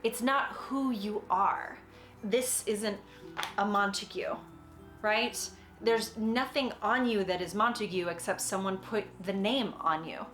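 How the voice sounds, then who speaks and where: A woman's voice: mid-range voice, slow pace, fairly bright tone. A young woman talks through a monologue in a casual, chatty teaching tone, often breaking into a light laugh. Her voice rings in a roomy, echoey space, with faint music beneath her. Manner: chatty and explanatory, with frequent little laughs and acted-out quotes. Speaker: acting teacher explaining a monologue. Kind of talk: casual spoken tutorial.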